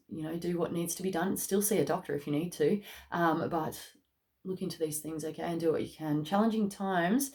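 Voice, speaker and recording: A woman with a lowish voice talks her way through a casual tarot reading, keeping it loose and conversational. She checks in with "okay?" and "mate" at the end of lines. She sometimes rises into excited bursts. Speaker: tarot card reader.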